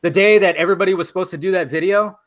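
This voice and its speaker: A man with a notably high voice argues on a livestream, indignant and defensive. He swears often and repeats his points as he pushes back. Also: racing, fairly bright tone. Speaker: podcast host. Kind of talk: heated argument on a livestream.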